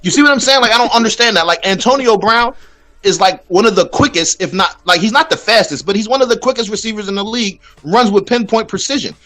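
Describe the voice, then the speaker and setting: A man's voice: high-pitched, fast, bright, forceful tone, faint music behind. A man hosting a casual sports talk show, ranting with plenty of profanity. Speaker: podcast host.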